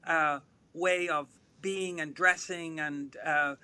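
A man's voice: a little high, steady tone, slow pace, bright, forceful tone, smooth. A man, a musician guest on a radio show, speaking thoughtfully with many fillers and restarts. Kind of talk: radio interview.

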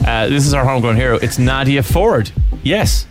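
A man's voice: medium pitch, expressive, moderate pace, over music. Good-humoured male radio host. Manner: good-humoured, mock-serious. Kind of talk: comic radio banter.

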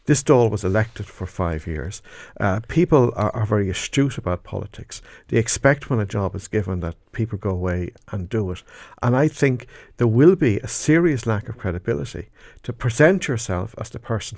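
A man giving measured political commentary on a radio panel, pausing with fillers as he thinks. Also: lowish voice, a little mellow, no echo.

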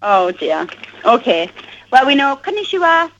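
A woman's voice: high voice, big pitch swings, measured pace, a bit bright, lo-fi sound, a little hiss or hum. A woman guest singer in a casual radio interview, bubbly and giggly.

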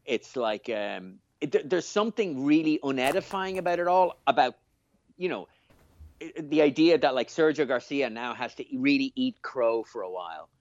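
A man co-hosting a podcast in casual chat, talking by himself in a room, animated and rambling with lots of fillers and restarts. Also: mid-range voice, normal speed, dry recording. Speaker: podcast co-host. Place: room on his own. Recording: slightly dull, dry lo-fi sound.

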